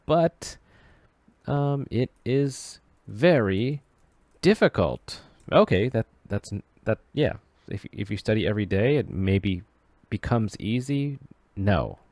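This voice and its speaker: A man's voice: low voice, darkish tone, dry recording. A man teaching English grammar off the cuff, often stopping to restart and correct himself as he searches for words. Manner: halting, many restarts and self-corrections. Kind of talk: unscripted grammar explanation.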